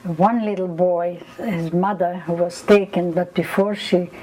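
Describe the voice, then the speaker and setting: A woman's voice: on the low side, measured pace, rough recording. An older woman, recounting memories in an oral history interview and acting out the people she quotes. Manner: animated storytelling, acts out quoted voices.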